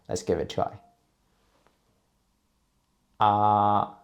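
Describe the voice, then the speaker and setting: Low gravelly-voiced man teaching tones. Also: unhurried, dull audio. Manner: patient, steady teaching voice, repeats drill sounds. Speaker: Chinese teacher. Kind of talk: explaining and modeling pronunciation.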